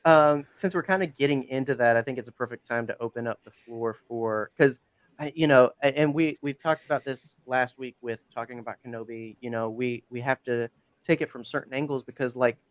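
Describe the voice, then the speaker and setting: Guy hosting a nerdy podcast, rambly and excited, smooth clear voice, dry close sound. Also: mid-range voice, brisk, no echo. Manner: enthusiastic, rambling with fillers. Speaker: podcast host. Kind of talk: casual chat.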